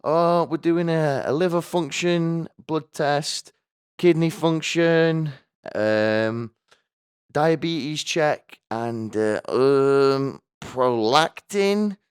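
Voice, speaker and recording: A man voicing a brisk female nurse who reads out a list of blood tests in a slow, drawn-out way. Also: a little high, clean tone, dry recording, clean studio sound, pitched above the performer's own voice. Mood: matter-of-fact.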